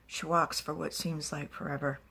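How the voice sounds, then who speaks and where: A woman narrating a fantasy story in soft, whispered ASMR storytelling with small asides. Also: low-pitched, flat delivery, normal speed, creaky, breathy edge.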